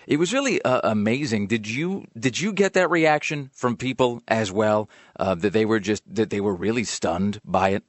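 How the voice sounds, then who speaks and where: A man's voice: lowish voice, no echo. A man interviewing an actor, asking long, rambling questions. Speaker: radio interviewer.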